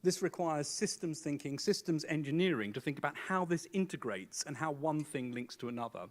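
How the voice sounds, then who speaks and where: A middle-aged man giving a formal, measured speech at a conference, setting out his points one by one with deliberate emphasis. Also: a little high, expressive.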